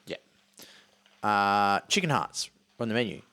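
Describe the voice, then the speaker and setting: A man's voice: on the low side, expressive, measured pace, pushed and bright, smooth. A man in casual podcast chat, blunt and heavily profane, ranting animatedly about his views. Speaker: podcast co-talker.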